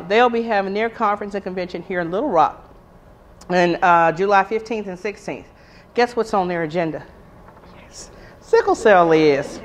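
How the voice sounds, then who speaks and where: Emphatic woman rallying a crowd. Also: medium pitch. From Arkansas, US. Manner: emphatic, rallying, preacher-like repetition. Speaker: pediatric nurse speaker. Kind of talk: conference talk. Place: conference room.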